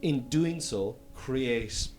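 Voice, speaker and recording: A man's voice: mid-range voice, very slow, a little mellow, soft background music. A man with an Irish Cork accent hosting a casual comedy podcast chat, rambling with hesitant fillers and casual swearing.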